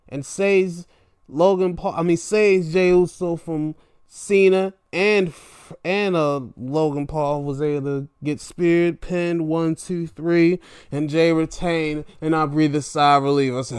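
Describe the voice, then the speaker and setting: A man hosting a casual solo show, reviewing wrestling events in animated, profane, exasperated rants. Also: on the high side, unhurried, clear, resonant tone, no echo, clean studio sound.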